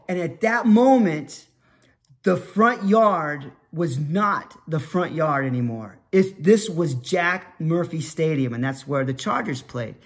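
A man telling a nostalgic childhood story in a rambling way, with many restarts and bursts into loud sportscaster shouts. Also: fairly high pitch, animated, measured pace.

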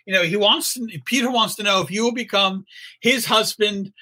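Bright husky man telling a story. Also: high-pitched, moderate pace, rough recording. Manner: animated, laughing storyteller who acts out quotes. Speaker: storyteller guest. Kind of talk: casual anecdote telling.

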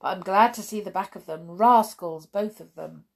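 A woman's voice: medium pitch, normal speed, gravelly. A woman doing a burly grumbling farmer. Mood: gruff.

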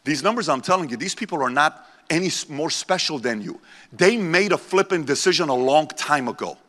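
Man in his 40s, motivational keynote, bright forceful tone, intense and preachy, long convention-hall reverb. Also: on the high side, animated, brisk. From born in Iran, raised in the United States. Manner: intense, preachy, repeats lines for emphasis. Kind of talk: live motivational speech to a crowd. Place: large convention center hall.

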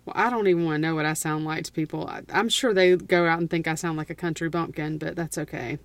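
A woman, co-hosting a casual book chat in an animated, teasing and emphatic way. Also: deep voice, fast talker, dry recording. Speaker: podcast co-host and teacher.

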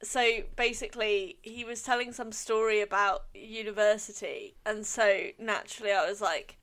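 A woman's voice: mid-range voice, moderate pace, hardly any pauses, fairly bright tone. Female podcast co-host from Britain, teasing, witty, chatty. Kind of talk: casual podcast chat.

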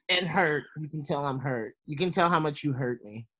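A man's voice: fairly high pitch, measured pace, a bit bright, slightly rough. A man being interviewed as a guest author, talking brashly and campily with plenty of swearing. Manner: brash, profane, campy. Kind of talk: casual chat.

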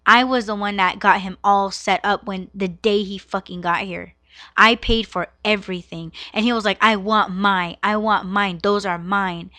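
A woman's voice: mid-range voice, bright, forceful tone, smooth, no echo. A woman in her thirties hosting a podcast, telling a personal story in a candid, profane, filler-heavy way. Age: 30s. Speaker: podcast host.

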